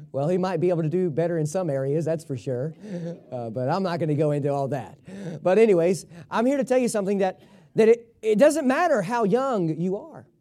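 High-voiced preaching man, emphatic. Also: mellow. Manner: emphatic preaching with repeated phrases and call-and-response reading; drawn-out slow emphasis on key lines, dropping low at phrase ends. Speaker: pastor. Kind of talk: sermon.

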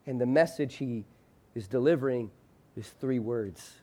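A male pastor delivers a sermon, guiding the congregation through call-and-response. He slows sharply on the key phrase and lets the ends of his phrases fall low and soft. He stands in a church sanctuary with a screen behind him.

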